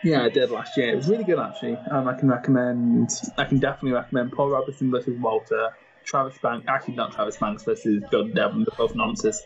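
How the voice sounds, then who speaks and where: A man's voice: mid-range voice, fairly even intonation, fast, lo-fi sound. A man co-hosting a casual watchalong podcast, chatty and knowledgeable, laughing often. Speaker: podcast co-host.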